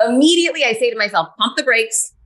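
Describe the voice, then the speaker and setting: Brief: bright, lively woman in her 40s, animated podcast guest storyteller. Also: mid-range voice, a little fast. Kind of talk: podcast interview.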